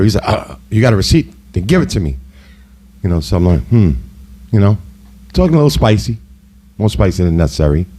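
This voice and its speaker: A middle-aged man speaks in a low, mellow voice as he tells a personal story. His delivery is casual and heated, with frequent conversational asides. He sounds like the host of his own talk show. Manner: heated, conversational, full of "you know" asides.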